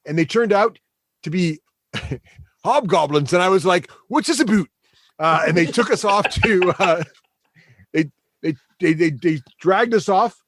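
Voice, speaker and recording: A man's voice: high voice, lively intonation, a bit bright, dry recording, voice pushed up, exaggerated voice. A man voicing a male dwarf prisoner who rambles with lots of "uh" fillers and puts on a mock Canadian accent, tacking "eh" onto his lines. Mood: rueful. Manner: attempted Canadian accent, tacks on "eh"; halting, many "uh" fillers.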